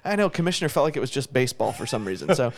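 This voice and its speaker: A man's voice: medium pitch, big pitch swings, rapid-fire. A man co-hosting a podcast in casual chat, giving opinions and restarting words as he thinks. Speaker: podcast co-host.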